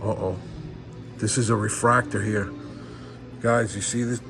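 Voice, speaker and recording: A man's voice: lowish voice, level tone, measured pace, gravelly. A man opening trading card packs on camera, awestruck and repeating exclamations of wonder. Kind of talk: excited unboxing commentary. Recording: background music.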